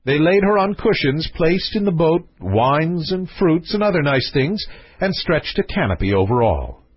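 Husky man reading a fairy tale. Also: fairly high pitch, moderate pace, no echo, dull audio. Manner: expressive, varied delivery. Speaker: narrator. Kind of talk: storybook reading.

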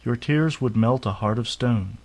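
A man's voice: medium pitch, normal speed, natural voice. A man voicing a small, insistent male frog in a storybook reading, coaxing and pleading. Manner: coaxing, wheedling, raised voice.

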